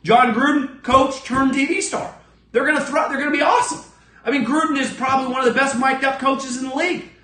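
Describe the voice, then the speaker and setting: A man's voice: a little fast, bright, forceful tone, roomy sound. A man hosting a sports podcast alone, giving blunt, profane, emphatic opinions. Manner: acts out other people's lines in a lower voice. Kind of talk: solo opinion rant.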